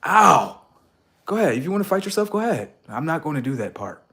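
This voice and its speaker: Brief: man streamer, fairly high voice, blunt and profane, lectures the audience, jumps from loud bursts to quiet asides. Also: rapid-fire, breathy edge. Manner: animated, swings between loud outbursts and low mutters. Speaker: livestreamer giving relationship advice. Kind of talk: casual livestream monologue.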